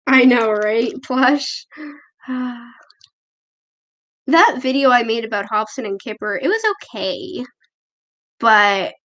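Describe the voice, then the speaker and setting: A woman's voice: fairly high pitch, fairly bright tone. A female vlogger chatting casually on a livestream, reading viewer comments in a self-deprecating way, recorded on a tablet at home. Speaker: livestream host. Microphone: tablet camera microphone.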